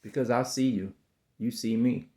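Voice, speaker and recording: A man in his fifties giving a slow, repetitive, preachy spiritual monologue about self-belief, often calling the listener baby. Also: medium pitch, fairly even intonation, mellow.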